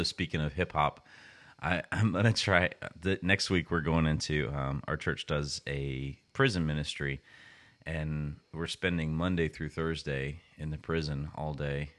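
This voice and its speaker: Man, very low voice, bright edge, casual podcast co-host, rambling. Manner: rambling, frequent restarts and fillers.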